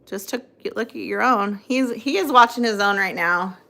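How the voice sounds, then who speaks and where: Bright-voiced woman chatting on a livestream. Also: medium pitch, normal speed, gravelly. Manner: rambling, chatty, reads out viewer comments; coos at her dog. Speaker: livestream host. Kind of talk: casual livestream chat. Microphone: phone.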